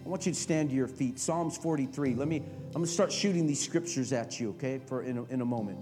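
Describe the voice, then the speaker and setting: A middle-aged male pastor preaching a sermon, swinging from quiet talk to shouted, impassioned passages. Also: medium pitch, fast, soft background music.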